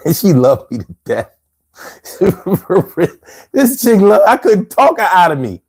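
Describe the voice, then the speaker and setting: A man's voice: sits high, sing-song, slow, darkish tone, breathy edge. A man hosting a casual live show, telling stories in loose slang and laughing often. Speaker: show host.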